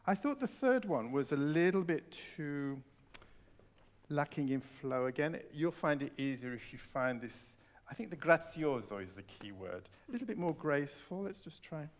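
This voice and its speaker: A man's voice: fairly high pitch, moderate pace. Enthusiastic male piano teacher in a hall. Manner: expressive, enthusiastic coaching. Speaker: piano teacher leading a masterclass. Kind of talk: masterclass coaching. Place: concert hall stage. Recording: reverberant concert hall with piano. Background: piano playing.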